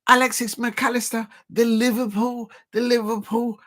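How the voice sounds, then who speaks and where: A man hosting a live football watch-along stream, rambling and excitable, full of fillers and repeats. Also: very high voice, moderate pace.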